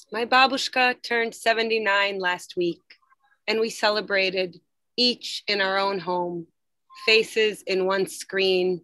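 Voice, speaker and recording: A woman reads her poems aloud in a slow, quiet, deliberate voice of middle pitch. She speaks over a video call, and the sound is close and dry, with no room around it. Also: dry recording. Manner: slow, measured, quiet reading. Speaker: poet reading her own work. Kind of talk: poetry reading.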